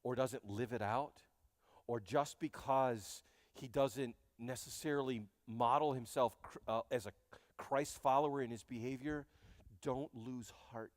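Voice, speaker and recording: A man preaching a sermon as pastor, animated and joking, speaking straight to his congregation in a church. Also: mid-range voice, measured pace, dry recording, studio quality, big-room sound. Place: church sanctuary.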